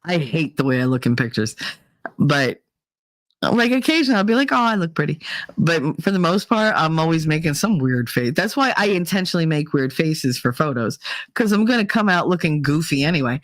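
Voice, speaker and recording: A woman's voice: sits low, a little fast, no echo, studio quality. A woman, hosting a podcast and ranting in a casual storytelling way, laughing often and swearing. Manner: animated, laughs often, swears, acts out quoted voices. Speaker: podcast host.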